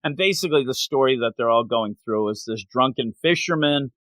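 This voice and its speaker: A man's voice: medium pitch, fairly quick, no echo. A man hosting a podcast, recapping a manga chapter in casual chat and acting out the characters. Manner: animated storytelling, acts out characters in silly voices. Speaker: podcast host.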